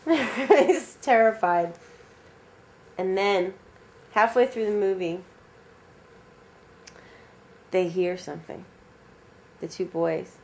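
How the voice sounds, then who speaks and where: A woman tells a spooky story in a casual, rambling manner, full of fillers and sudden rises in energy. Her voice sits at a middle pitch. Faint background noise hums under her. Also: normal speed. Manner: animated, rambling with frequent fillers.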